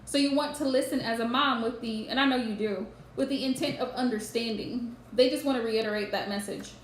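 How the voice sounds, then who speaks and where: A woman's voice: a little high, fairly quick. A woman giving a live-streamed tarot reading, earnestly advising viewers and often repeating her points. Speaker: tarot reader. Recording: roomy echo with faint background noise.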